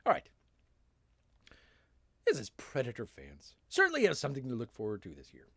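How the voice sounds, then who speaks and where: A man's voice: medium pitch, wildly swooping pitch, moderate pace, creaky, long pauses, fairly bright tone, no room sound, clean studio sound. A man hosting a live comics review stream, talking in a sarcastic, rambling way that keeps interrupting itself. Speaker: host.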